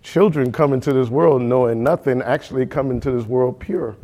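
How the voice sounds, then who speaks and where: A man teaching a Bible study class at an ordinary middle pitch. He keeps asking the group questions and checking that they follow. He repeats key words to drive the point home. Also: fairly quick, muffled recording.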